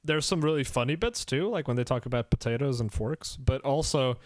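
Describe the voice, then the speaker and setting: Podcast host, male, animated and giggly, recorded dry. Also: mid-range voice, a little fast, dry recording. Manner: excitable, laughs often, acts out quotes. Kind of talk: casual podcast chat.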